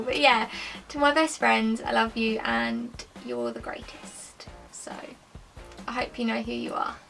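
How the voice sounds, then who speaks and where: Bright-voiced chatty young woman vlogging. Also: on the high side, recorded from a distance, low-quality recording. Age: 20s. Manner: rambling, lots of "like" and "um". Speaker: lifestyle vlogger. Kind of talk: chatty casual monologue to camera.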